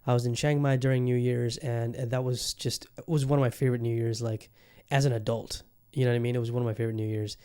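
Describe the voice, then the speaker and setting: Speaking quickly at medium pitch, this young podcast host flies solo in a casual, rambling chat full of fillers and restarts. His delivery is flat, and his tone warm and clean.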